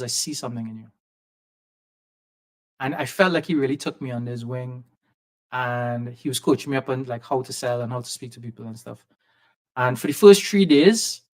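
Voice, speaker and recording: A man from Trinidad with a softened Trinidadian accent, telling a lively personal story as a podcast guest and acting out the voices of people he quotes. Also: medium pitch. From Trinidad and Tobago. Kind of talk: storytelling in a conversation. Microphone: video call setup.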